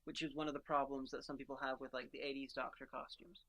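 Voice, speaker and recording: A woman's voice: very deep voice, little pitch movement, fast talker, fairly bright tone. A woman co-hosting a podcast, chatting casually and eagerly picking apart favourite characters, with frequent restarts. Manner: enthusiastic, rambling fan analysis with restarts. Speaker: podcast co-host. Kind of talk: casual chat.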